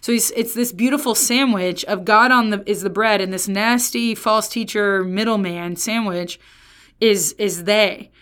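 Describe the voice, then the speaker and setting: A woman's voice: mid-range voice, fairly even intonation, unhurried, fairly bright tone, smooth. Chatty, emphatic woman teaching Scripture. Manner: chatty, emphatic, self-interrupting. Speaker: Bible teacher. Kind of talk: casual Bible teaching.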